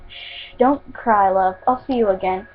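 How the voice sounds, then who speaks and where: A woman reading the lines of a gentle teenage boy who comforts a girl, speaking soft and hushed. Her voice comes through a tinny, phone-like recording. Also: mid-range voice, measured pace, faint music behind, natural voice. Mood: soothing.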